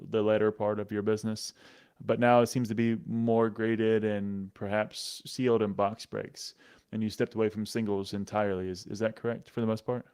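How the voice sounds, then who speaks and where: Smooth low-voiced man hosting a podcast. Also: darkish tone. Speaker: podcast host. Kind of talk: podcast interview.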